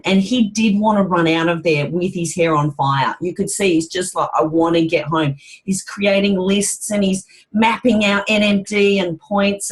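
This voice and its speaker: A woman's voice: lowish voice, poor audio. Upbeat woman hosting a team call. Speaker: call host.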